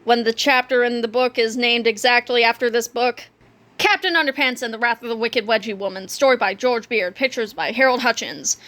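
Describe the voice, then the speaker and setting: A woman's voice: fairly high pitch, a little fast, fairly bright tone. A woman reading a children's book aloud, playfully adding joking asides. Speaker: reader.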